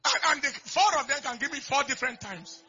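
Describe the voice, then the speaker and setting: A man preaching a sermon, moving from quiet storytelling to loud shouted declarations. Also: very high voice, animated, brisk. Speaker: pastor. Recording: dull lo-fi recording with faint music.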